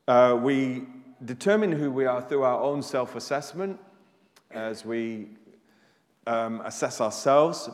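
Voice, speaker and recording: Male pastor, mid-pitched voice, animated sermon delivery, reverberant church recording. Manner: animated preacher, rising to loud emphasis on questions. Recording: live church recording with long hall reverb.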